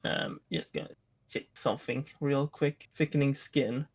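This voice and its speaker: A man playing a tabletop game, playful and excitable, often laughing. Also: medium pitch, unhurried. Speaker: player. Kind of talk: casual tabletop game play.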